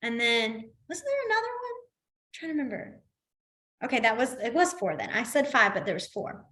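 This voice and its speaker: Woman, instructor, fairly high-pitched, chatty, casual teaching, everyday examples. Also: sing-song, normal speed, bright, forceful tone. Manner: chatty, explains with everyday examples, laughs easily. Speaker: sign language instructor.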